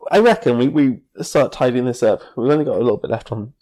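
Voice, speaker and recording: A man's voice: medium pitch, expressive, fast talker, mellow. A man with a Welsh accent co-hosting a podcast in giggly, sweary banter. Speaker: podcast co-host. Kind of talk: casual tipsy chat.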